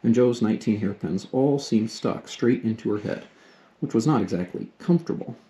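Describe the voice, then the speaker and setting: A father reading a classic novel aloud to his daughter at a steady, unhurried pace. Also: on the low side.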